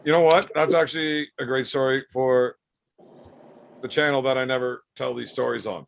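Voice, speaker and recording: A man's voice: medium pitch, moderate pace, vocal fry, slight background noise. A man telling profane bar stories in a casual podcast chat, acting out the voices of the people in them. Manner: animated, acts out quoted voices. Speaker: podcast storyteller.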